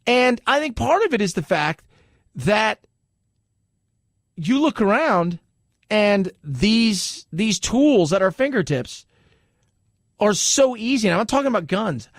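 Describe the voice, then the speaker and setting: A man's voice: sits high, slow, long pauses, no room sound, studio quality. A man hosting a talk radio show, commenting animatedly and mockingly on the news. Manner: animated, mocking, jumps into exaggerated quoted voices.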